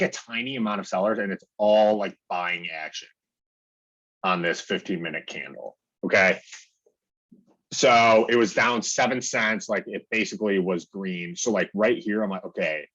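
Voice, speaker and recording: A man's voice: on the low side, normal speed, fairly bright tone, muffled recording. A young man casually walking through trading charts on his screen, chatty, peppering his talk with "like" and "okay" and acting out his own reactions. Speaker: day trading educator.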